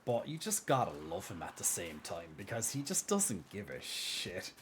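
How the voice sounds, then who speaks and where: A man live-streaming a game, chatting casually and rambling excitedly with lots of fillers and laughter. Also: on the low side, moderate pace, a little hiss or hum. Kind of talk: casual live-stream chat while gaming.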